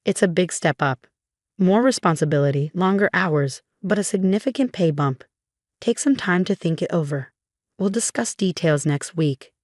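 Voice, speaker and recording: A woman voicing a brisk, businesslike female office boss who is hard to read. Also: on the low side, expressive, a little mellow, no room sound, studio quality.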